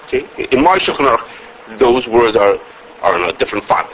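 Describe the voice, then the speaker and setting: A man giving a halacha class as a teacher, animated, often repeating words and checking with "okay?". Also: medium pitch, normal speed, highs cut off, slight background noise. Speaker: Torah teacher.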